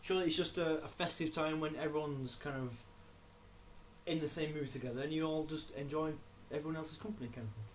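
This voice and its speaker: A young man co-hosting a casual podcast, jokey and quick with banter. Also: on the high side, fairly even intonation, slight background noise. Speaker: podcast co-host. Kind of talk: casual chat.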